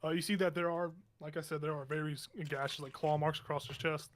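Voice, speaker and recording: A man narrating a tabletop game as game master in a meandering, halting way with many restarts. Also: fairly high pitch, steady tone. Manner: meandering, halting, self-correcting.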